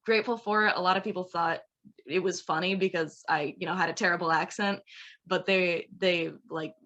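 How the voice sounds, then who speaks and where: Young woman student panelist, lowish voice, rambly, lo-fi call sound. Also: steady tone, brisk, a bit bright. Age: young adult. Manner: rambling, full of "like" and "you know". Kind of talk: casual panel chat. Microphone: video call.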